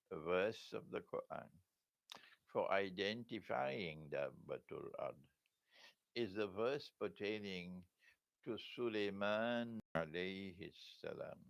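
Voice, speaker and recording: A man's voice: sits low, vocal fry, no echo. An older man giving a religious lecture as an Islamic scholar, asking rhetorical questions and chuckling often.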